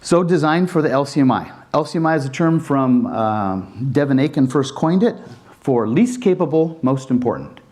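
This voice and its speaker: A man giving a conference presentation as a Wi-Fi design instructor, animated and acting out exchanges with customers. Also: mid-range voice, normal speed. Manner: animated, acts out dialogues with customers.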